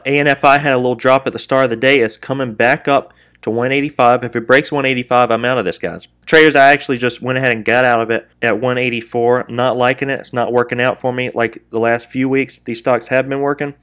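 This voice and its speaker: A man in the middle of live day trading commentary, speaking in a voice of ordinary pitch and talking straight to his viewers. He keeps calling them traders and guys, walks through his trades as he makes them, and is quick to scold himself out loud when he misses his own plan. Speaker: day trader and channel host.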